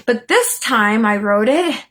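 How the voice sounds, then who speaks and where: A woman in her thirties telling a personal story to her viewers in a casual, chatty way, acting out her own excited and scared exclamations. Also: a little high, slow pace. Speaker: vlogger.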